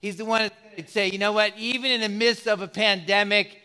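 A man's voice: sits high, fairly even intonation, a little fast, bright, forceful tone, clear, resonant tone. A man preaching a sermon as pastor, emphatic and given to repeating words as he builds his points. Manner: emphatic, repeats words, acts out quoted voices.

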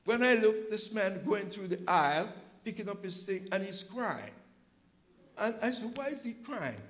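A male preacher giving an impassioned sermon, telling stories from his church's food pantry and at times rising to a shout. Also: sits high, lively intonation, measured pace, rough recording. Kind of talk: sermon with storytelling.

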